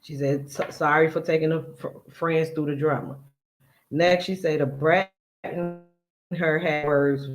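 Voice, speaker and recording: Guy with a highish voice doing casual reaction commentary, chatty, keeps quoting and picking at what was said. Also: steady tone, measured pace, poor audio. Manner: chatty, quotes and picks apart another's words. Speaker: commentary channel host.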